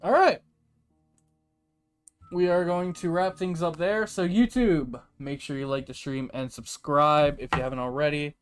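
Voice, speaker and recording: Young male streamer, lively reactions, light music bed. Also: on the high side, measured pace. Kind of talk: casual livestream chat.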